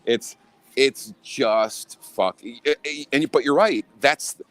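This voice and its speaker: A man's voice: medium pitch, slow pace, fairly bright tone, no room sound. A man from Illinois talking in a casual chat as a podcast guest, blunt and profane, with many restarts.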